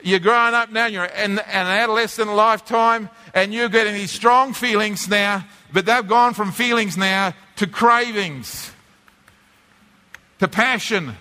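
High, bright preacher in a hall. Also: male voice, unhurried. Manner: conversational, often repeats and restarts words. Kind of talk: teaching sermon with a drawing board. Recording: long reverb of a church hall.

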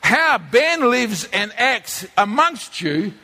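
A man preaching a sermon, animated, acting out voices as he tells the story. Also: very high-pitched, slow pace, in a large hall. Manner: animated, acts out quoted voices like a whining child. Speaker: pastor.

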